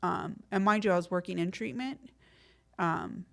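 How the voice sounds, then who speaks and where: A woman's voice: on the low side, normal speed, vocal fry. A middle-aged woman, a podcast guest telling her story in casual, streetwise slang full of fillers. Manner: lively when acting out quotes.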